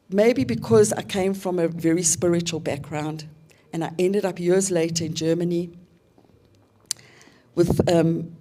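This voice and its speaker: A South African woman in her fifties, invited to speak at a seminar, shares a reflective personal testimony with pauses and fillers. Her voice is lowish with a dark tone.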